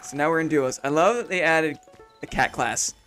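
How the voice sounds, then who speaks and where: A man's voice: a little high, moderate pace, a bit bright, faint music behind. A man from Canada, streaming a game live and chatting with his viewers in a goofy, joking way. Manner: goofy, jokey, chatty with chat.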